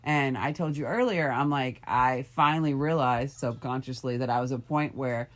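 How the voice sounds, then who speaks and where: A woman's voice: rumbling low, moderate pace. A middle-aged woman on a podcast, talking candidly and reflectively in a casual chat, soothing and supportive toward her friend. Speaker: podcast co-host. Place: bedroom, on a bed.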